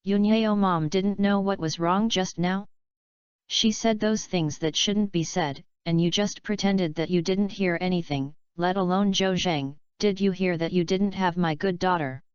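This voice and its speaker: Fickle worried mom read by a woman, lowish smooth voice, pretty dry and dull sound. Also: measured pace, dry recording, natural voice. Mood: apologetic. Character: worried middle-aged mother, quick to change her mind.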